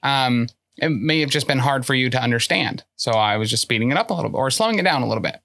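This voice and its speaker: A player in a tabletop game session talks in character with a bright, forceful tone and a pitch that swings widely. They rationalize earnestly and matter-of-factly, stumbling into fillers and restarts as they go. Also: lively intonation, fast talker.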